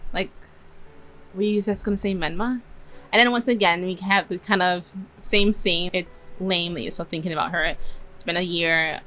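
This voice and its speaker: A young woman with a fairly low voice talks through her rewrite of story scenes in a loose, chatty way. She laughs often and slips into quick bits of dialogue. A faint hiss of room noise sits under her voice. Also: fairly even intonation, pushed and bright, low-quality recording. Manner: chatty, laughs often, acts out quoted lines. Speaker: story reviewer. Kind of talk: casual story analysis, retelling scenes.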